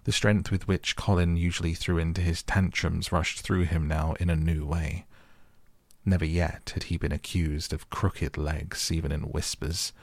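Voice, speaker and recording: A man reads a storybook aloud as a calm bedtime audiobook. His voice is very low, gravelly and husky, with an even, flat delivery, recorded close and dry. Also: no echo. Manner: calm, gentle, measured. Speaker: audiobook narrator. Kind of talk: soft bedtime audiobook reading.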